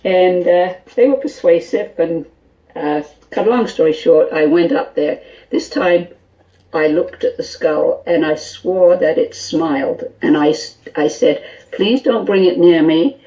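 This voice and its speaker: A woman guest on a call-in radio show, telling an animated story full of quoted dialogue and small laughs. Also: fairly low pitch, measured pace, dull audio. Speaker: guest, skull interpreter.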